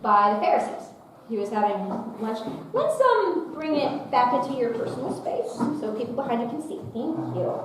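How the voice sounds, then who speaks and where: A woman's voice: a little high, sing-song, normal speed, recorded from a distance. A woman giving a youth workshop talk, playful and humorous, reading quotes with dramatic flair. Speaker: workshop speaker. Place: large echoing meeting room. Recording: very echoey hall, off-mic, faint hiss.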